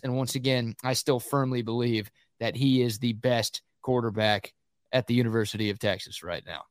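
A man's voice: on the high side, no room sound, clean studio sound. A man co-hosting a sports podcast, giving firm, opinionated takes in casual talk. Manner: opinionated, emphatic.

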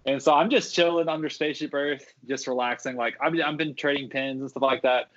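A former theme park custodian, guesting on a podcast, rambles through work stories with many fillers and restarts. His mid-range voice is steady and fairly bright, the pace brisk, and the sound lo-fi.

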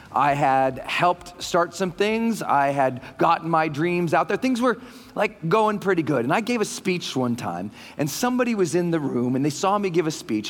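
Animated man speaking in a reverberant hall. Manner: animated storytelling, acting out quotes in a higher voice. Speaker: motivational speaker. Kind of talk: live stage talk to an audience. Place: large hall with a live audience.

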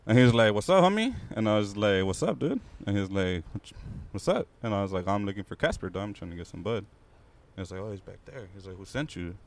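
A man's voice: sits low, quick pace. Slangy young man telling a street story. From Los Angeles. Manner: slangy, profane, animated storytelling. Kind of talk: casual storytelling among friends.

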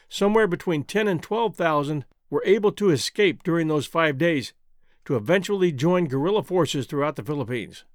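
A man's voice: fairly high pitch, no room sound, clean studio sound. Solemn man narrating war history. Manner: measured, solemn storytelling. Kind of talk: scripted documentary narration.

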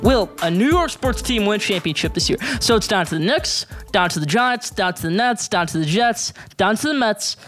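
A young man hosting a solo sports podcast, giving excitable, opinionated picks and rants. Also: sits high, faint music behind. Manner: rapid, excitable, opinionated delivery.

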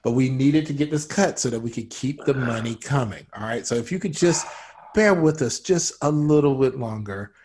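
Fast-talking pleading man improviser. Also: mid-range voice, a little mellow, a little hiss or hum. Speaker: comedy podcast improviser. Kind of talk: improv comedy scenes.

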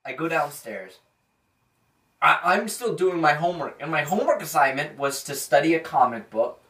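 Young male podcast co-host, animated storyteller, echoey off-mic room sound. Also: fairly high pitch, moderate pace, far from the mic. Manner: rambling, animated, laughs through story. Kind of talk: casual storytelling chat.

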